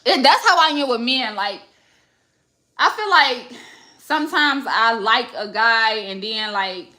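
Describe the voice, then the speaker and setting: A young woman, a podcast host talking in blunt, profane, animated casual chat. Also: fairly high pitch, slow.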